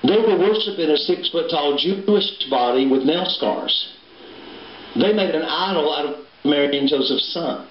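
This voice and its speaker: A man preaching a sermon, folksy and full of storytelling. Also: on the high side. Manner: folksy, storytelling preacher with a Southern turn of phrase. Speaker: pastor. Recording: roomy, dull livestream recording with hiss.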